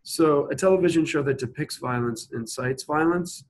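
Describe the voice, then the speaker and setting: A man teaching a logic lesson, working through examples one at a time and slowing down to spell each one out. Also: fairly high pitch, poor audio. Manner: explains step by step, asks students to pause and think; slows to spell out examples word by word. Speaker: instructor. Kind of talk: recorded logic lecture.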